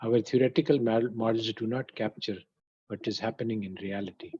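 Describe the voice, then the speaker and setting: Husky male teacher, dull dry audio. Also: lowish voice, steady tone, fairly quick, a little mellow, no echo. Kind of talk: lecture feedback.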